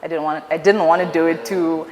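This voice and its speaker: A young woman tells stories as an interview guest, chatty and playful. Her voice sits a touch low. The room rings with a long reverb, and a faint hiss lies under it. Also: fairly quick. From Zimbabwe. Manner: chatty and playful, animated storytelling. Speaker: guest, news anchor. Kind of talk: casual interview chat.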